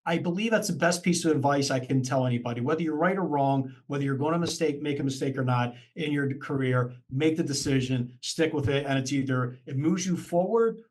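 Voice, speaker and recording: A man's voice: mid-range voice, fairly quick, hardly any pauses, darkish tone. A man in his fifties being interviewed as a marketing consultant, telling stories in a chatty way with many restarts. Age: 50s. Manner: chatty storyteller with frequent restarts and fillers. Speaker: podcast guest, marketing consultant. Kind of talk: casual interview chat.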